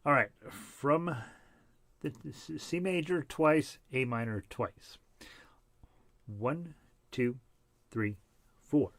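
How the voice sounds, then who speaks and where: A man's voice: a little high, lively intonation, drawn-out words, gravelly, pauses often, fairly bright tone, dry recording. A middle-aged man leading a casual harmonica group lesson, chatty and self-deprecating, short of breath. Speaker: harmonica ensemble leader.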